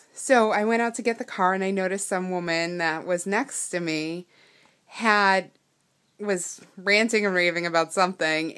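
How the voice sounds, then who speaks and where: A young woman vlogger recounting a personal story, halting and emotional, with many ums and restarts. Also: on the low side, bright, forceful tone.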